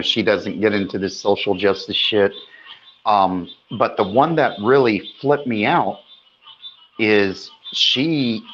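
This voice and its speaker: A low-pitched man talks at a very unhurried pace, offering blunt opinions with casual cursing. His voice sounds slightly dull and muffled, like a lo-fi recording. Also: a bit bright, a little hiss or hum. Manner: slow, opinionated, casual swearing. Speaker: podcast host. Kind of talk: casual podcast chat.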